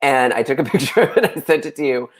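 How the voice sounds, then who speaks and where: A man's voice: medium pitch, expressive, very fast. A young man appearing as a guest author on a livestream, telling stories in a playful way and laughing a lot over a video call. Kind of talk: casual livestream chat.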